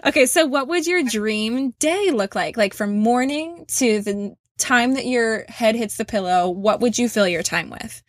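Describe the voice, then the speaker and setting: A woman's voice: a little high, moderate pace, few pauses, no echo, studio quality. A woman hosting a casual podcast interview, upbeat and encouraging, often laughing. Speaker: podcast host.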